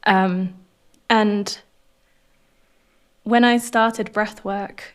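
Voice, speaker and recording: A woman with a posh southern English accent, a podcast guest talking in an earnest, animated way. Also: mid-range voice, very slow. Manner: earnest, animated, laughs often. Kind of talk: reflective interview conversation.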